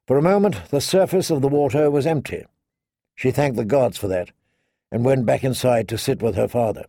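Male fantasy audiobook narrator, measured, gravelly, dry close sound. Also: mid-range voice, dry recording. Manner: measured, even storytelling.

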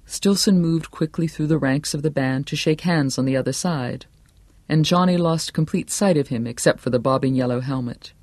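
A man's voice: on the high side, normal speed, darkish tone, no room sound. Man narrating a tense novel, dry sound. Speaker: audiobook narrator. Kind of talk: scripted narration.

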